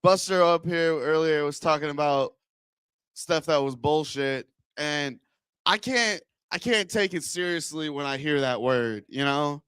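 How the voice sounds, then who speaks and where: A man's voice: on the high side, unhurried, fairly bright tone, smooth, no echo, studio quality. A man doing a stand-up comedy set in a club, chatting with the crowd, rambling and laughing at his own jokes.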